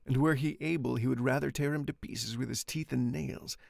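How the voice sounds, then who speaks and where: A man voicing a cold, worldly aristocrat who speaks slowly and calmly with cynical detachment in a storybook reading. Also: medium pitch, creaky, dry recording, clean studio sound. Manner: cold, slow and measured.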